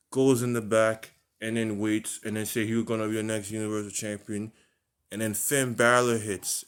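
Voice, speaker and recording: A man's voice: medium pitch, smooth. Rambling man fantasy-booking wrestling. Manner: speculative, repeats words and restarts often. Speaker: wrestling fan booking storylines.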